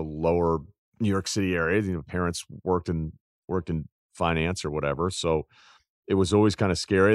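A very deep-voiced man in his forties talks straight into a podcast mic with a close, dry sound. He tells a personal story in a loose, rambling way, circling back and restarting, and turns reflective and confessional as he goes. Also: dry recording. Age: 40s. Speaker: podcast host.

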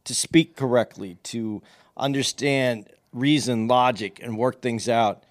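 A man in a podcast chat, speaking in a measured way as he calmly pushes back on his co-host. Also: mid-range voice, no echo, clean studio sound. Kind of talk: casual chat.

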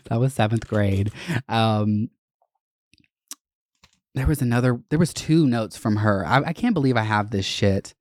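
Young male host, lowish voice, dry close sound, loose and foul-mouthed storytelling. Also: a little slow, long pauses, darkish tone, dry recording. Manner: candid and profane, with frequent fillers. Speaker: podcast host. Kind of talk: casual storytelling monologue.

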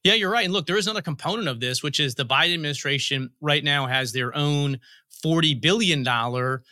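Bright-voiced male interview guest. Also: on the high side, fairly quick, dry recording, clean studio sound. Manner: explanatory, storytelling with analogies. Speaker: guest, federal commissioner. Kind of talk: interview answers.

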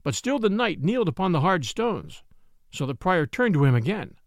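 Man, storybook narrator, dramatic, high voice, gravelly, dry close recording. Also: normal speed, no room sound. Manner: dramatic, expressive reading.

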